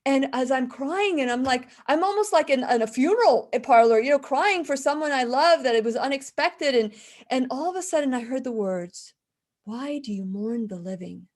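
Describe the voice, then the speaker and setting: A woman in her fifties hosts a faith-based live talk show, sharing earnest stories and reading viewer comments, often restarting her sentences. She has a slight lisp, and her high, animated voice moves at a moderate pace.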